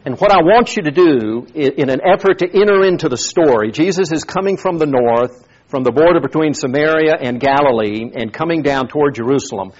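Husky-voiced man preaching a sermon. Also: fairly high pitch, animated, a little fast. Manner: conversational, repeats words while thinking. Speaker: pastor. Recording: dull lo-fi sound.

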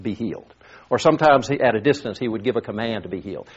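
A man's voice: lowish voice, animated, very fast, slightly rough. A pastor preaching a sermon in a conversational way, often repeating words as he thinks. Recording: dull lo-fi sound.

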